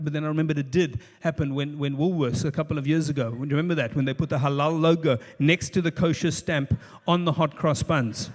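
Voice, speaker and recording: A man's voice: fairly high pitch, fairly even intonation, quick pace, few pauses. A man with a South African accent doing a stand-up comedy routine. He tells rambling stories with lots of restarts and dry asides. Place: stage of a live show venue. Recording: echoey live venue.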